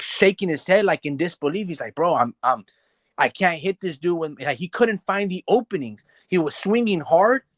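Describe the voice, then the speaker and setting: A man talking casually about a boxing match as a podcast host, animated and loose, filling his talk with "like" and "bro" and acting out the fighters' thoughts. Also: fairly high pitch, no room sound. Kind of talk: casual boxing analysis chat.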